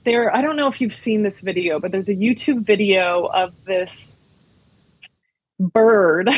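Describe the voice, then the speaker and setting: Chatty American woman, slightly husky. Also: mid-range voice, measured pace, dry recording. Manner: chatty, many fillers and restarts, laughs often. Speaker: sommelier and wine importer, guest. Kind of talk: casual podcast interview.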